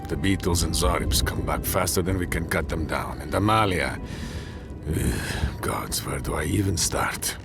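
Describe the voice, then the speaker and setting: Gravelly weary dwarf commander. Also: male voice, extremely low pitch, expressive, a little slow, music in the background, full character voice. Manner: grim, blunt, gravelly. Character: gruff male dwarf tower commander, weary. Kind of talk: video game voice acting.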